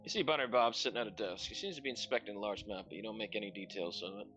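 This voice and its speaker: A man reading a game's narration aloud in a steady storybook way on a stream. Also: fairly low pitch, racing, soft background music. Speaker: narrator reading game text.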